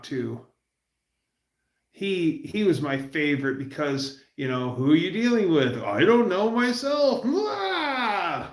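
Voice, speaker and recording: A man with a gravelly, fry-laden voice rambles through casual stories on a livestream. He talks loosely with restarts and drifting tangents, recorded in a roomy space with noticeable echo. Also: a little high. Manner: rambling, storytelling, puts on quick voices for quotes. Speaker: livestream host.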